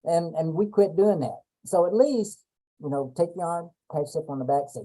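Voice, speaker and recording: A man's voice: a little high, normal speed, warm tone, poor audio. A man giving a folksy motivational talk as a brain coach on a video call, repeating points and dropping in playful asides.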